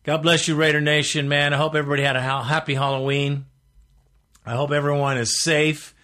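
A man's voice: fairly high pitch, flat delivery, a little fast, bright, forceful tone. A man hosting a sports fan call-in show, talking bluntly and getting worked up. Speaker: radio show host. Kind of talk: casual fan talk show.

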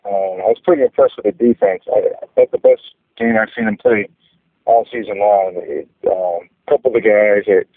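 A man's voice: lowish voice, fairly even intonation, fairly quick, dry recording. A man from North Carolina calling in, giving his earnest take on the team with frequent hesitations. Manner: earnest fan analysis with hesitations. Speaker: caller. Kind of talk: call-in comment. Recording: tinny phone line.

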